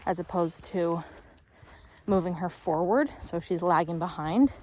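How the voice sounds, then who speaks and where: A woman's voice: fairly low pitch, unhurried, darkish tone, a little hiss or hum. A woman dog trainer, a little out of breath, explaining her training steps while she walks outdoors with a dog, and stopping now and then to praise it. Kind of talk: instructional training walk-through.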